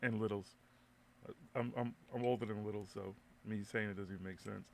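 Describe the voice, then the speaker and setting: A man's voice: on the low side, steady tone, a little fast, creaky, a little mellow, a little hiss or hum. A man hosting a live internet radio show, chatting loosely with lots of swearing, laughter and stumbling restarts. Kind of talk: casual live show banter.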